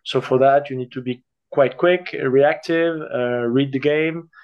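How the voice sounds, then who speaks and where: Slow-speaking man with a smooth, dull sound. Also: medium pitch. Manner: deliberate, searching for words. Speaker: interview guest, padel player. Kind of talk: conversational answers.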